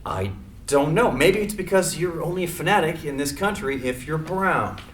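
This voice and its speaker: A man's voice: on the high side, animated, normal speed, a bit bright, slight background noise. A man playing a young suspect, defensive and informal, in a screenplay reading.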